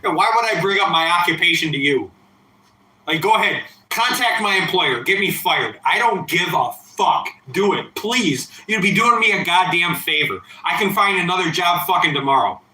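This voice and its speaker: A man's voice: sits high, expressive, normal speed, sharp tone, roomy sound, rough recording. Profane, rambling man in his thirties. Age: 30s. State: drinking, a bit tipsy. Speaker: livestreamer. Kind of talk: casual late-night livestream chat.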